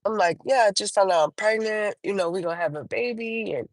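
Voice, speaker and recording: A woman's voice: dry recording, low-quality recording. A woman hosting a livestream, telling a personal testimony in casual talk. She halts often, restarts her sentences, and lifts her voice when she quotes herself. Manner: halting, with many restarts and fillers; acts out her own quoted words with a higher voice. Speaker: livestream host.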